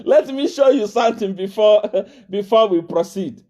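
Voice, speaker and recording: A man delivers political commentary straight into a live video, repeating his points and laughing between them. His pitch sits high for a man and swings widely from phrase to phrase. The tone is dark and mellow rather than bright. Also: lively intonation, normal speed, muffled recording. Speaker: online commentator.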